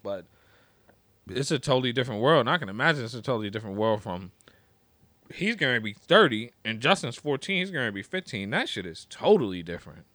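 A man's voice: mid-range voice, big pitch swings, fast talker, pushed and bright, no echo. A young man co-hosting a podcast in loose, profane casual chat, laughing often. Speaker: podcast co-host.

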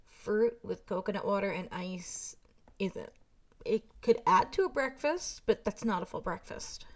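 A woman's voice: medium pitch, animated, measured pace. A young woman vlogging, speaking candidly and with emphasis, firm in her opinions as she talks to her viewers. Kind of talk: casual commentary to camera.

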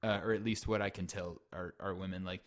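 A man's voice: deep voice, steady tone, brisk. Rambling man in casual podcast chat. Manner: rambling, acts out bits in silly voices. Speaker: podcast co-host.

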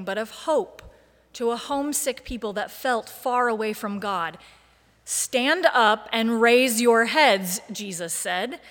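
A woman preacher giving a sermon, with a measured, deliberate delivery and emphatic lists. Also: medium pitch, fairly bright tone, long reverb tail.

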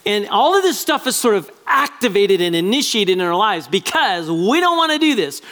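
A man preaching a sermon as pastor, animated and acting out little quoted voices as he talks. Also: high voice, normal speed.

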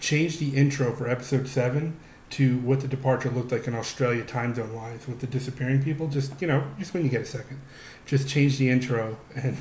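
A man's voice: mid-range voice, a little fast, darkish tone. Rambling male podcast co-host. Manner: rambling, with frequent restarts and fillers. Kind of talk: casual podcast chat. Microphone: podcast microphone. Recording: echoey room with faint noise.

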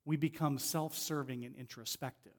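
A middle-aged man preaching as a guest speaker in a conversational way, often restarting phrases and slowing down to stress a point. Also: mid-range voice, fairly even intonation. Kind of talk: sermon.

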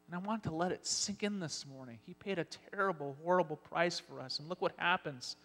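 A man preaching a sermon as pastor, telling Bible scenes with lively acted-out lines. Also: on the high side, a little fast. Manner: animated storytelling, acting out Bible scenes. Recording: long hall reverb.

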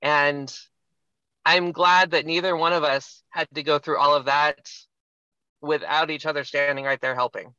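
A man's voice: on the high side, fairly even intonation, measured pace, bright, forceful tone, clean tone, no echo. A man guesting on a podcast, reflectively retelling a story in a casual chat. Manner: reflective, retells a film scene in detail. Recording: slightly muffled, lo-fi.

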